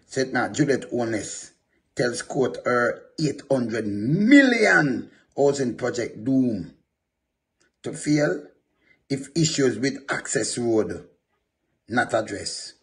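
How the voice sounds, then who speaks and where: A man's voice: mid-range voice, very animated, slow pace. A man giving casual, rambling commentary as he reads over a news article.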